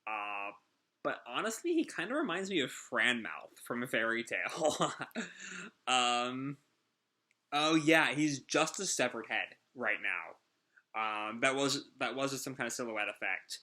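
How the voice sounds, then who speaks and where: A man's voice: mid-range voice, expressive, measured pace, pushed and bright. A man chatting casually through a live manga chapter reaction, enthusiastic and full of fillers.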